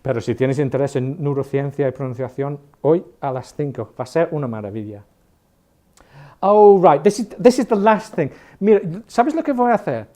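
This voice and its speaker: A man in his fifties with an educated Northern English accent teaches an online class in a loose, joking way. His voice sits a little high but sounds warm and mellow. He often stops and restarts mid-sentence. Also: lively intonation, brisk. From Northern England. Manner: chatty and jokey, with frequent restarts. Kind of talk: informal online class talk.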